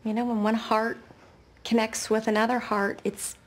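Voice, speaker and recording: An actress playing a sentimental woman who talks softly and dreamily about love. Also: on the high side, little pitch movement, moderate pace, lightly acted. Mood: dreamy.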